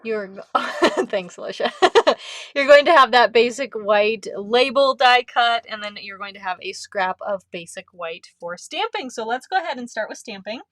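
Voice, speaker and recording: A woman's voice: fairly high pitch, animated, moderate pace, a bit bright, dry recording, clean studio sound. A woman leading a live card-making class, chatty and upbeat, often breaking into giggles. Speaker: craft instructor.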